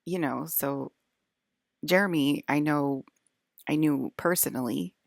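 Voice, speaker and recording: A woman's voice: low-pitched, takes it slowly, creaky, no room sound, clean studio sound. A woman vlogger talking in a casual, rambling monologue, hesitant and full of fillers.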